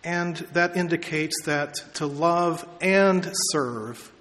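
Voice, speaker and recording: A male pastor giving a measured sermon, stretching out key words for emphasis, in a church sanctuary. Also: a little high, fairly bright tone. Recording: long reverb of a large hall.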